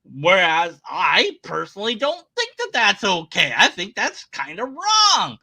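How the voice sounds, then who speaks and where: A man's voice: high-pitched, wildly swooping pitch, unhurried, pushed and bright. A man giving casual, sarcastic commentary on a video, often exclaiming in disbelief.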